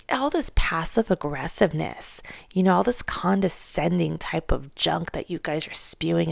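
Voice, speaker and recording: A woman vlogger ranting casually about her opinions, animated and mocking. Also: lowish voice, moderate pace, creaky, few pauses, no room sound, clean studio sound. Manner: animated, mocks others in exaggerated voices.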